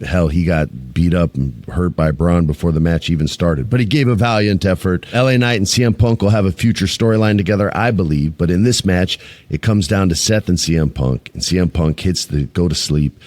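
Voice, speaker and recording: A man's voice: low voice, a little mellow, no echo. A man hosting a wrestling podcast, recapping a show in a loose, jokey way, swearing freely and acting out what people said. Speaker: podcast host.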